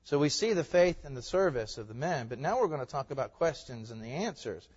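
A man preaching a sermon as a pastor, swinging between loud emphatic lines and soft hushed ones. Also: medium pitch, animated, brisk, husky, big-room sound, highs cut off.

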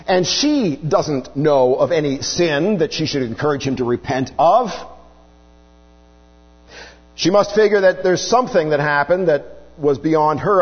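A man preaching a sermon, earnestly explaining scripture and posing rhetorical questions. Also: medium pitch. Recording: dull lo-fi recording with long hall reverb.

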